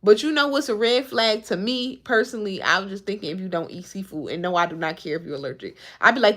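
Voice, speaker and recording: A woman's voice: medium pitch, quick pace, few pauses. A woman in her twenties with a Chicago accent, chatting casually on a livestream and answering her chat. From Chicago suburbs. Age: 20s. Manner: animated, talks back to chat.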